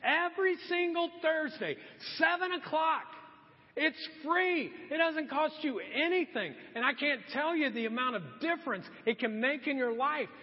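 A man's voice: extremely high pitch, expressive, moderate pace. A middle-aged man preaching a sermon, earnest and exhorting, repeating his key questions. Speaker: pastor. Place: church sanctuary. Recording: dull sound with long church reverb.

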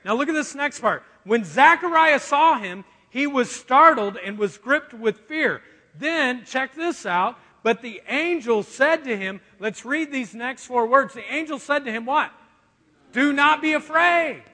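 A man preaching a sermon in an animated, joking way, acting out quotes as he goes. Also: extremely high pitch, measured pace. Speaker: pastor. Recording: long reverb of a large hall.

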